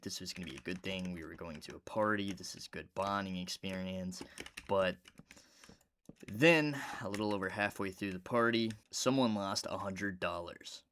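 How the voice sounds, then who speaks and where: Deep-voiced male gaming YouTuber, casual rambling storytime, faint keyboard clatter behind. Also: slight background noise. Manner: rambling and conversational, with sudden loud outbursts at the game. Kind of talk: casual storytime while playing a game.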